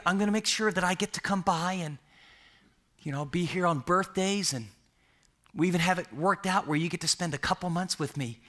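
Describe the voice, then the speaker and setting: Grieving father, hushed, stammering, halting, bright tone, a man voicing him. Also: fairly high pitch, exaggerated voice. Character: grieving father breaking hard news.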